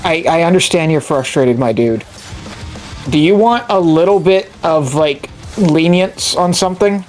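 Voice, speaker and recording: A player in a friend group chatting casually, teasing the dungeon master and swearing in a relaxed way. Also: medium pitch, unhurried, faint music behind. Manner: teasing, talks over others, swears casually. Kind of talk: casual chat among friends.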